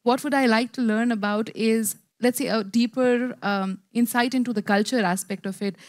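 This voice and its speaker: A woman's voice: on the high side, fairly even intonation, moderate pace, no room sound, studio quality. A woman answering a question in a group discussion, friendly, with many fillers. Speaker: participant.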